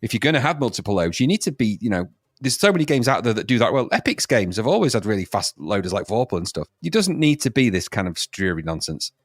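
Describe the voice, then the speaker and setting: A man's voice: lowish voice, sing-song, fast talker, dry recording, studio quality. A man co-hosting a casual retro game review chat, talking in an emphatic, grumbling way and repeating "no, no, no". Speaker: podcast co-host.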